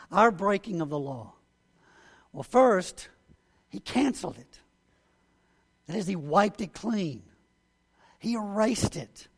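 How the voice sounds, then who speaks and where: Male pastor, high voice, earnest sermon, long reverb of a church hall. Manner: earnest preaching, rising to emphatic points.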